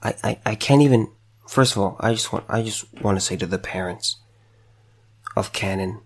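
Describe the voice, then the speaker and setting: Gravelly, halting man near tears. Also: lowish voice. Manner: halting and stammering, with many repeated words. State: choked up, fighting back tears. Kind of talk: emotional direct-to-camera commentary.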